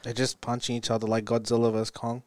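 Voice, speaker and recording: A man's voice: medium pitch, monotone, quick pace, a little mellow, dry recording. Man chiming in with teasing questions, dry. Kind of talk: casual chat.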